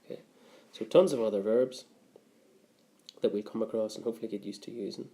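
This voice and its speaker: A man's voice: fairly low pitch, fairly even intonation, fairly quick, warm tone. A man who teaches a grammar lesson patiently, step by step, often checking in with "okay". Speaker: Irish language teacher.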